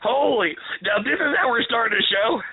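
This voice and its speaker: A man's voice: very high-pitched, lively intonation, fast, husky, no room sound. A man co-hosting a radio talk show, joking around, laughing easily and mocking himself in casual banter. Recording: tinny lo-fi radio stream.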